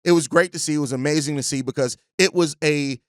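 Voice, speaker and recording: An earnest man hosts a casual sports podcast, his voice slightly higher than most men's. He talks in long run-on sentences and tags them with "right?". The sound is dry and close. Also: fast, dry recording.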